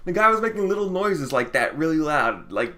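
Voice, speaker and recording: Guy vlogging a rambly story, kinda high-ish voice, swears a lot and keeps cracking up laughing. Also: big pitch swings, a little fast, pushed and bright. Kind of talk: casual storytelling.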